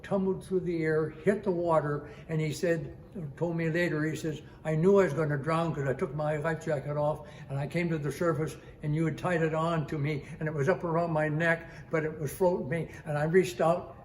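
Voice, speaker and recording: A man's voice: on the high side, steady tone, brisk, a little mellow. Elderly man, vivid dramatic storyteller. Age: 90s. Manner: vivid and dramatic, repeats phrases, imitates sounds. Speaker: retired Coast Guard master chief telling a rescue story. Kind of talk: personal storytelling.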